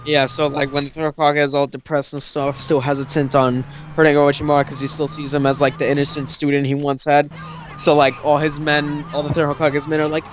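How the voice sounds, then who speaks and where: Brief: young guy, gaming chat, excitable and rambling, a bit high-voiced, faint hiss behind. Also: fast talker, muffled recording. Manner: excitable, rambling, swears, lots of fillers. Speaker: let's play host.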